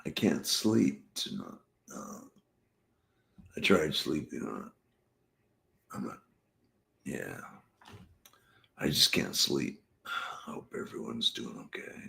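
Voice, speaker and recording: Very deep, gravelly man rambling late at night. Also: very animated, takes it slowly, pauses often, pushed and bright. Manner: rambling, drifting, talking to the chat. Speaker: channel host. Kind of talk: casual late-night live stream chat.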